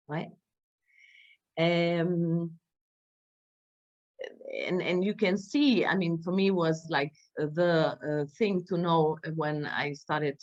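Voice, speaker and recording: Low-voiced woman lecturing, hesitant. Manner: hesitant, many fillers and tag questions. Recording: dull lo-fi recording.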